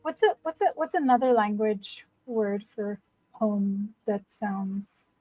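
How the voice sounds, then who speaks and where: A woman playing in a tabletop role-playing game, playful and halting as she speaks. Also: mid-range voice, lively intonation, mellow, soft background music, low-quality recording. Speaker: player.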